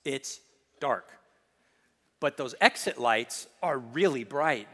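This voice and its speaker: A man preaching a sermon in a church, emphatic and quick to joke, with sudden asides to his listeners. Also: medium pitch, lively intonation, sharp tone, in a large hall. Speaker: pastor.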